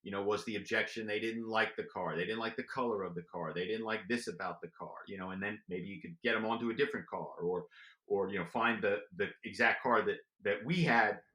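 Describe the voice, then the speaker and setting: A man with a bright, forceful tone tells stories as a podcast guest. His delivery is lively and chatty, full of "you know"s. The room adds a noticeable echo. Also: on the low side, brisk. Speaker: podcast guest, former corporate spy. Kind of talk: animated storytelling.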